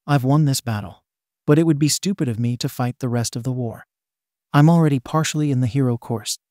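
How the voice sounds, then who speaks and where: A man's voice: medium pitch, a little fast, darkish tone, dry recording, studio quality, natural voice. A man voicing a determined teenage boy training to be a hero, speaking firmly and matter-of-factly.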